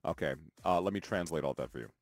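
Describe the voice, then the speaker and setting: A man with a Canadian accent co-hosting a morning radio show, playful and animated in casual banter. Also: low-pitched, quick pace.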